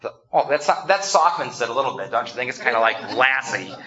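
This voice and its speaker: A man's voice: medium pitch, animated, fairly quick, pushed and bright. A man preaching a conversational sermon, acting out quotes and laughing along as he tells the story. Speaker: pastor. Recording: dull lo-fi sound.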